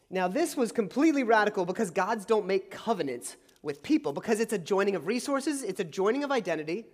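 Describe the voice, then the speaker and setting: A man's voice: high-pitched, big-room sound. A man preaching a sermon as a pastor, telling the story conversationally and acting out the dialogue. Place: church sanctuary.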